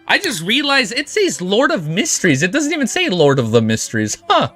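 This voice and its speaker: An excitable man chats on his livestream with a high, bright voice that jumps all over the place. He rambles and swears casually, and some music plays faintly behind him. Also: brisk, hardly any pauses. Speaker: livestream host. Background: faint background music.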